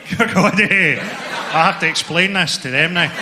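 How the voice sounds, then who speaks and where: A man's voice: high-pitched, a little slow, noisy background. A man doing stand-up crowd work in a comedy club, roasting the front row with sardonic insults. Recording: echoey club hall, roaring crowd laughter. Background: crowd laughter.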